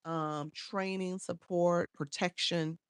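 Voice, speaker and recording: A woman's voice: on the low side, fairly even intonation, slow pace, clean tone, dry recording. A woman coaching live streamers, chatting casually and answering viewers by name, often repeating herself. She talks into a phone.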